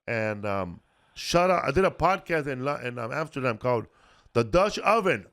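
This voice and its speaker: On his podcast, a middle-aged man swaps comedy-tour stories in a loose, profane, casual chat, tossing "bro" around constantly. His voice is mid-range and a bit bright, with a sing-song lilt at a normal speed.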